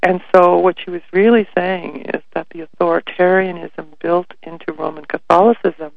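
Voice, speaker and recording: A gravelly, slightly high-voiced man shares personal stories as a spiritual workshop leader, often sinking to a near whisper. His voice comes through a narrow, phone-like channel with a dry, close sound. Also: level tone, moderate pace, no room sound. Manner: soft-spoken, often drops to a near whisper. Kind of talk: reflective personal storytelling.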